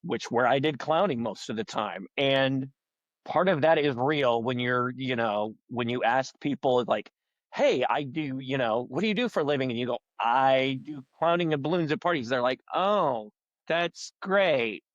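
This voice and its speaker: Middle-aged comic, chatty and rambling, does voices for people in his stories; flat, dead-sounding mic. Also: mid-range voice, normal speed, no room sound, muffled recording. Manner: rambling, animated storyteller who acts out quoted people in a raised voice. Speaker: guest comedian and balloon artist. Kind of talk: casual podcast interview.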